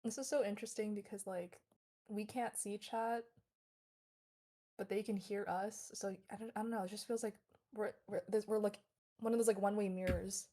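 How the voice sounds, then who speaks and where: A chatty, playful woman talks through a trivia round with her fellow players. Her voice has a mellow, warm tone. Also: medium pitch, fairly even intonation, moderate pace. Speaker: contestant. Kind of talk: casual chat during a stream game.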